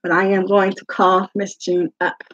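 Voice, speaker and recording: A woman's voice: mid-range voice, little pitch movement, normal speed, no echo. A woman life coach speaking to her group in a live talk, emphatic and repeating her phrases for weight. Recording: dull lo-fi sound.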